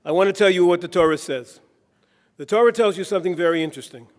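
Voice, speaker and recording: Before a conference crowd, a keynote speaker talks fast, mixing anecdotes and jokes with the rhythm of a preacher. His voice sits a little high for a man, and long reverb in the hall follows every phrase.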